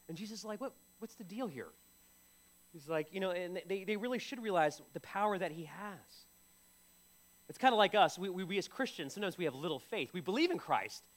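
Lively, conversational male preacher. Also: high voice. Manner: conversational, repeats words, lively delivery. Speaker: pastor. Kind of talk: sermon.

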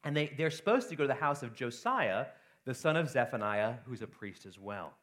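A man's voice: medium pitch, very animated, fairly quick, a bit bright. Conversational male preacher. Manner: conversational, keeps asking "right?". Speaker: pastor. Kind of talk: sermon.

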